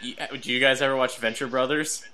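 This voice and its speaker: Guy on a podcast, bright sharp voice, jokey and eager. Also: medium pitch, steady tone, fast. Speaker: podcast guest. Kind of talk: casual chat.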